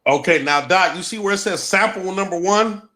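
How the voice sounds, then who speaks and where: A man's voice: high-pitched, normal speed, pushed and bright. A man giving an emphatic livestream talk, repeating key points with a Black lilt. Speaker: guest presenter.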